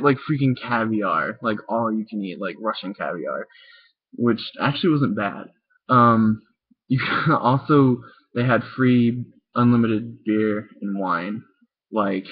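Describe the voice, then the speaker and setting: Young man, casual rambling chat, lots of ums and chuckles, thin phone-like webcam sound. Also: mid-range voice. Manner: rambling, many fillers, chuckles. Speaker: vlogger answering viewer questions. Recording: tinny lo-fi webcam audio.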